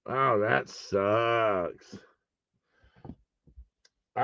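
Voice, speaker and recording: Host, male, gravelly and animated, swears freely, runs a live card auction over dull lo-fi audio. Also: on the high side, unhurried, pauses often, no room sound. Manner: profane, teasing, joking with chat; calls bids like an auctioneer.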